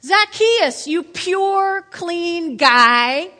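A woman voicing a welcoming male teacher who calls out loudly. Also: extremely high pitch, expressive, drawn-out words, long reverb tail, pitched above the performer's own voice, exaggerated voice. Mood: calling. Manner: calling out loudly.

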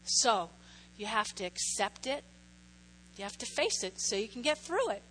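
A woman's voice: a little high, big pitch swings, moderate pace, a bit bright, slight background noise. A woman pastor preaching a sermon in a chatty way, often checking in with her listeners. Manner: chatty, keeps checking in with the audience.

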